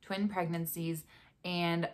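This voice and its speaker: A young woman vlogging in a casual, chatty way, animated and often laughing as she acts out quotes. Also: fairly low pitch, slow. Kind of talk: casual chat to camera.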